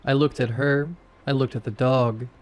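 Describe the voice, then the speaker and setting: A man's voice: mid-range voice, steady tone, moderate pace. A man narrating a first-person horror story in short, tense sentences.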